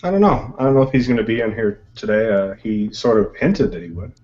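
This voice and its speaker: Low-voiced man hosting a lo-fi video chat. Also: animated, a little fast, a little mellow. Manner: articulate, explains at length. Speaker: host of an online discussion group. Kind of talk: casual group video chat. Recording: dull lo-fi web call audio.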